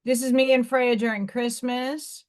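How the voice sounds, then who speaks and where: A woman hosting her own live stream talks in a loose, rambling way, restarting her sentences and dropping blunt asides. Her voice sits fairly high, and she takes her time between phrases. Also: little pitch movement, a little slow, darkish tone. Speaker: livestream host. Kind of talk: casual live-stream chat.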